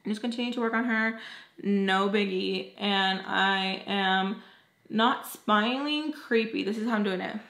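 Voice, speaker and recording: A woman's voice: mid-range voice, measured pace, gravelly, fairly bright tone. A young woman makeup artist telling a story time in a casual, exasperated way, full of fillers. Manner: exasperated, chatty, heavy use of "like". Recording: echoey room.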